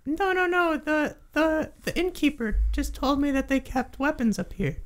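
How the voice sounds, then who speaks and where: A timid little kobold, as a woman game master puts him on, squeaks in a very high, thin voice. He stammers and trips over his words, earnest and easily frightened. He is a small lizard creature in a tabletop game. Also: expressive, moderate pace. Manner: nervous, stammering.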